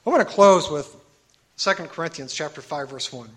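A man preaching a sermon, earnest and emphatic, asking rhetorical questions and reading scripture slowly and deliberately. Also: on the high side, expressive, fairly bright tone.

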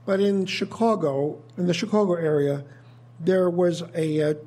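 Husky, high-voiced man preaching. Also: warm tone. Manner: measured, thoughtful teaching with frequent restarts. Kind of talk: sermon.

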